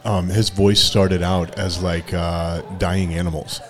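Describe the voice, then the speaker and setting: Deep-voiced man with dry humor. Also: level tone, takes it slowly. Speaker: podcast co-host. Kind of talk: casual chat.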